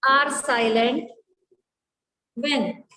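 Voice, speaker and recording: A woman's voice: high voice, steady tone, drawn-out words, pushed and bright, low-quality recording. A woman teacher giving a phonetics lecture, explaining rules step by step and checking that students follow.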